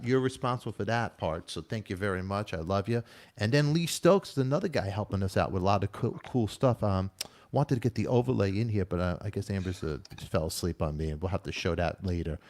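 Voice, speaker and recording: A man hosting a casual live-stream talk show, excitable and teasing, often repeating himself. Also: fairly low pitch, a little fast.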